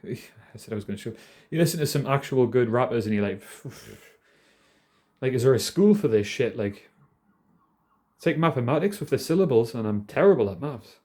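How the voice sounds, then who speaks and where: A man's voice: medium pitch, expressive, moderate pace, darkish tone. A man in his thirties with a Geordie accent, rambling casually and self-deprecatingly to camera, swearing a lot. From North East England. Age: 30s. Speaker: vlogger.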